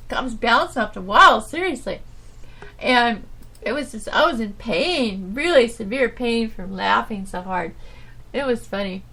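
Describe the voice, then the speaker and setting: A woman hosting her own podcast, telling stories from her old job in a rambling, animated way, full of restarts and "you know"s. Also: on the high side. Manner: animated, swinging from loud to soft. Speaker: podcast host. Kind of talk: casual storytelling monologue.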